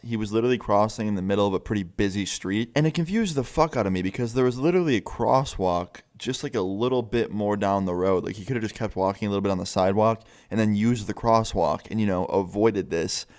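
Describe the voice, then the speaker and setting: A young man with a lowish voice tells a story in loose, casual storytime fashion. He rambles, swears freely and drops "like" into nearly every sentence. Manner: profane, rambling, full of filler "like".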